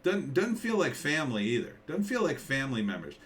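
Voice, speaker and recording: A man's voice: mid-range voice, sing-song, fairly quick, distant mic. A man, a screenwriter, ranting casually about a movie trailer, rambling and incredulous with lots of filler words.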